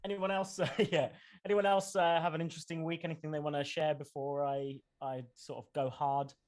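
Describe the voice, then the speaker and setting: Male podcast host, slightly high voice, jokey and quick to tease, casual chat. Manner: jokey, lively, asks questions.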